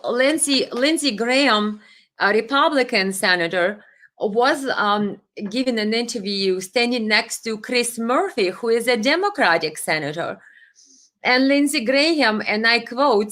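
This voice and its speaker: A woman's voice: fairly high pitch, animated, unhurried, fairly bright tone. A woman hosting a political commentary livestream, talking in an impassioned, indignant way with hesitations and restarts, and reading viewer comments aloud. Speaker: livestream host.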